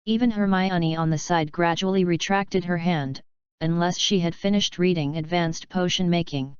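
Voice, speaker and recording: A woman narrating a fanfiction audiobook in a steady, even reading. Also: on the low side, normal speed, clear, resonant tone, dry recording. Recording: dull lo-fi dry recording.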